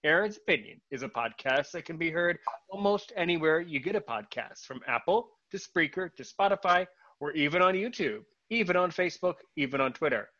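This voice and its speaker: A man's voice: fairly high pitch, animated, fairly quick, bright, forceful tone, lo-fi sound. A man hosting a podcast, greeting listeners in an enthusiastic, playful manner. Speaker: podcast host. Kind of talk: casual podcast chat.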